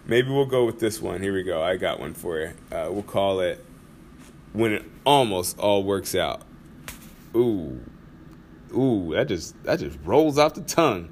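A man's voice: deep voice, lively intonation, moderate pace, darkish tone, a little hiss or hum. Laid-back man hosting a podcast. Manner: laid-back, laughs often, slangy. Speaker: podcast host. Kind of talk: casual podcast monologue. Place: studio.

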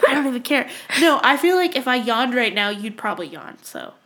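A young woman co-hosting a casual podcast, laughing a lot, swearing freely and joking fast with her friend. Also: fairly high pitch, very animated, fairly bright tone. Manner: giggly, swears freely, quick joking banter. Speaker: podcast co-host. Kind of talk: casual chat.

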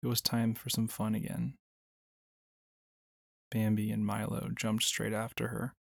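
A man narrating a storybook in a steady, measured way. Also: on the low side, creaky, husky, no room sound, studio quality. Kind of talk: storybook reading.

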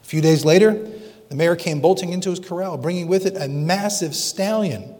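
A man preaching a sermon dramatically, slowing down for emphasis. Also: sits high, darkish tone. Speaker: pastor. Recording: long reverb of a large hall.

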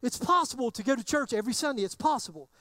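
A man's voice: very high voice, animated, fast talker, pushed and bright, no echo. A man preaching a sermon in a casual, conversational way, often acting out what his listeners might be thinking. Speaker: pastor.

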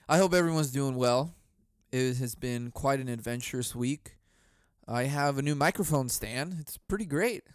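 A man's voice: mid-range voice, measured pace, long pauses, clean tone, no echo, clean studio sound. Laughing, cursing man on a podcast. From Southern California. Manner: profane, laughs often, bursts into loud mock yelling. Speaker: podcast host. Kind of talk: casual solo podcast chat. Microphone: boom mic.

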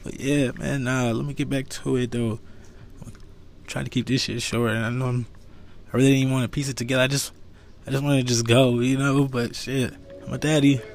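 A man's voice: medium pitch, flat delivery, brisk. An American man in his thirties hosting a casual solo podcast, rambling loosely, laughing often and cussing freely. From United States. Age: 30s. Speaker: podcast host. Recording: music playing loudly behind. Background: music.

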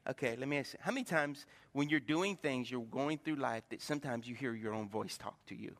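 A man's voice: medium pitch, a little fast, hardly any pauses, a bit bright. A man preaching a sermon as pastor, calling out questions to the congregation. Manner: preaching with call-and-response to congregation. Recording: long hall reverb from a church.

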